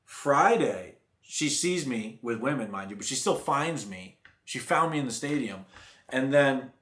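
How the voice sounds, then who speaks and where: Young male vlogger, mid pitch, rambling animated storyteller, echoey room. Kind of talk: casual storytime vlog.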